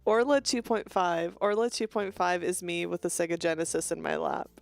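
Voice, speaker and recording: Fast-talking young woman streamer. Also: lowish voice, steady tone, creaky. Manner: fast-talking, bubbly, frequent laughs. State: stuffy nose. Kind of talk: casual stream chat greeting viewers.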